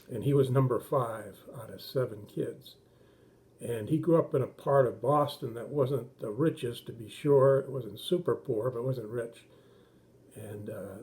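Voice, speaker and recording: A middle-aged man tells a story to kids in a church message. His voice is soft and mellow, and he keeps the words plain and gentle. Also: medium pitch. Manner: gentle, simple explanations for kids, acts out voices. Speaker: children's pastor. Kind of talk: children's sermon storytelling.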